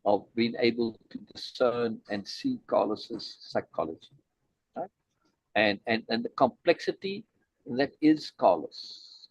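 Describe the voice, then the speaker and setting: A man's voice: lowish voice, breathy edge, no echo, dull audio. A man teaching a study group, explaining a text with emphatic repetition and frequent "right?" checks. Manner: emphatic, repeats key points, frequent "right?" tags. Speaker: teacher leading a study session.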